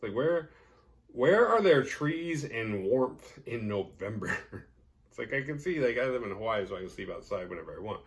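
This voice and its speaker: A man's voice: mid-range voice, big pitch swings, moderate pace. A man hosting a horror movie podcast, recapping a film in a rambling, sarcastic, profane way. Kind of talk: casual movie recap with jokes.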